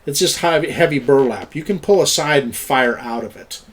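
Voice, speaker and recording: A man's voice: a little high, normal speed, breathy edge. A middle-aged man running an online tabletop game as game master, chatty and explaining, laughing often. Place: at home, online voice chat.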